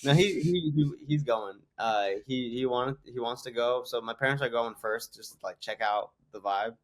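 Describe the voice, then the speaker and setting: A man's voice: mid-range voice, moderate pace. Rambling young man telling stories. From Canada. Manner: rambling anecdotes, heavy use of "like". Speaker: guest comedian. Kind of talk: casual podcast storytelling.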